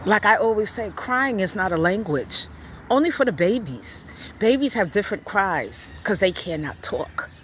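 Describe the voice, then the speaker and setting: A woman giving blunt, profane parenting opinions in a casual vlog rant, telling stories in an animated way. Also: medium pitch, moderate pace, a little hiss or hum.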